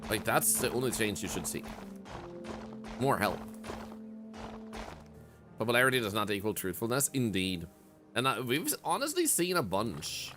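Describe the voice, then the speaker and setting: Low-voiced male streamer over game music. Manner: rambling and reflective, many "like" fillers. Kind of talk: casual live-stream chat.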